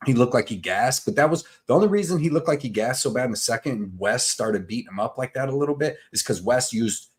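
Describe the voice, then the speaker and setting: A man hosting a live betting show, chatting loosely, joking and shouting out names from the chat. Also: medium pitch, lively intonation, fast, hardly any pauses. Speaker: podcast host.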